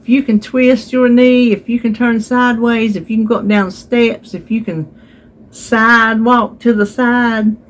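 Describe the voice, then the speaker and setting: A vlogger from North Carolina chats casually with her viewers, retelling a therapy visit and acting out the quotes, recorded at home on her phone. Her voice is a little high, fairly even in intonation, and unhurried.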